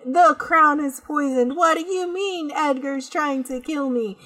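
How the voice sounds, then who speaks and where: A bewildered young prince, put on by a woman retelling a movie, asks one disbelieving question after another. The voice sits a bit higher than her usual talk and comes out a little pushed. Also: measured pace, fairly bright tone. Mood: incredulous. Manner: incredulous questioning. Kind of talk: retelling a film scene.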